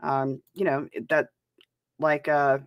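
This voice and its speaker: A woman's voice: low voice, flat delivery, slow pace, smooth, dry recording, dull audio. A woman hosting a reaction commentary show, talking in a blunt and profane way. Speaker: host.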